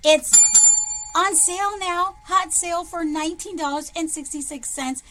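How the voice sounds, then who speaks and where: A woman presenting shopping deals in a chatty, excitable vlog, her voice jumping up when she hypes a sale. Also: moderate pace. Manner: chatty and excitable, jumps in pitch to hype sales. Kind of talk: enthusiastic product showcase vlog. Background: background music.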